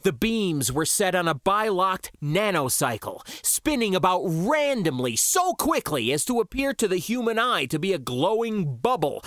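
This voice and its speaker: A male author narrates his own science fiction tale in the first person. His delivery is unhurried and dramatic, with a lively, swinging pitch. The sound is close and dead dry, like a home booth. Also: no echo.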